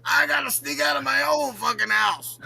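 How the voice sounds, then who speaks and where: Podcast comedy bit: a shouty, foul-mouthed crank, very high and gravelly. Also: male voice, moderate pace, heavily acted. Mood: ranting. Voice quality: dry, gravelly voice. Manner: shouting, profane, boastful rants. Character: crude loudmouth older man ranting, foul-mouthed. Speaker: regular show character answering questions.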